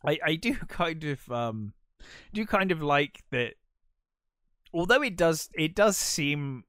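A man co-hosting a casual film podcast, talking in halting bursts, repeating words and chuckling often. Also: on the high side, very animated, fairly bright tone, dry recording, studio quality. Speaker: podcast co-host.

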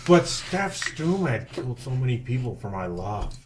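A man's voice: mid-range voice, big pitch swings, normal speed, noisy background. A man playing a tabletop game, bantering in character, playful and bickering. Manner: playful, bickering, often laughing. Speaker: player.

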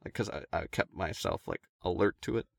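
A man's voice: low-pitched, animated, brisk, vocal fry, no room sound, studio quality. A man casually telling a long story to friends, swearing and laughing as he goes.

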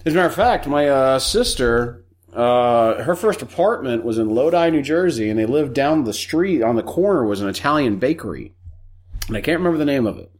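A man's voice: medium pitch, sing-song, fairly quick. A man telling crude, joking stories in casual podcast chat, swearing freely. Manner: profane, storytelling, jokey.

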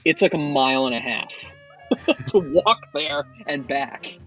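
A man's voice: fairly high pitch, lively intonation, unhurried, fairly bright tone, lo-fi sound, faint music behind. A man in his thirties or forties, a father, telling a long story with exasperated asides in a casual chat.

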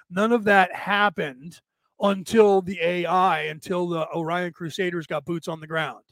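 A man's voice: sits high, no room sound. A man hosting a podcast, giving a rambling, emphatic spiritual monologue in a conversational way. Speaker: podcast host.

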